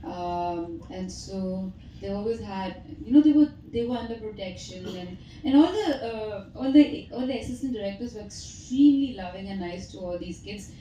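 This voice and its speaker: At a press meet in a press hall, an actress in her thirties with an Indian English accent answers questions with chatty stories and frequent laughter. Her mellow, mid-range voice runs at a normal speed with few pauses. The distant mic picks up hall echo and faint background noise.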